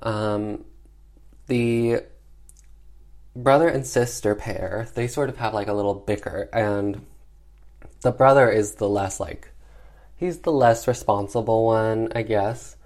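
A man's voice: on the low side, a little mellow. A man giving a casual, sassy recap of a horror film, chatty and peppered with filler words. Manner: acts out characters' lines in quick voices. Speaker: film reviewer.

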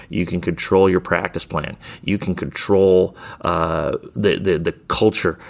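A man's voice: sits low, gravelly. A middle-aged man, a basketball coach hosting a podcast, giving casual coaching talk with frequent restarts and repeated words.

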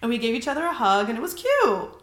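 A woman's voice: on the high side, sing-song, fast talker, a bit bright. A young adult woman hosting a podcast, telling a story in casual chat, full of fillers and swearing. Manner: chatty, heavy on filler "like", swears freely. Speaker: podcast host. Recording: roomy echo.

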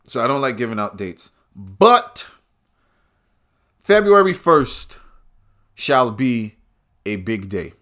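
A man's voice: fairly low pitch, measured pace, bright, forceful tone. A man hosting a podcast and ranting in a crude, combative way, swearing freely. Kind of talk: profane rant.

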